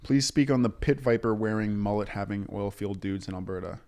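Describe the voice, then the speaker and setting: A man trading crude banter on a relaxed podcast. He swears freely and keeps the talk animated and joking. He often slips into exaggerated voices to mock people. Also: lowish voice, brisk. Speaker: podcast co-host.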